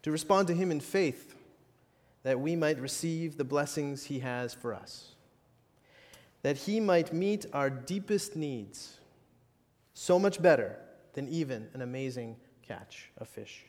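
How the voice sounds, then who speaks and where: A man preaching a sermon with measured, dramatic pauses and bits of self-mocking humor. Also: a little high, animated, a little mellow, in a large hall. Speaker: pastor.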